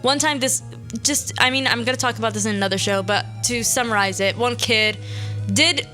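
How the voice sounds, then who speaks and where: On her radio show, a young woman from Syria recounts her school days in a casual, chatty monologue, with quick asides and voices she quotes. Her voice is on the high side, pushed and bright, and faint music plays behind her.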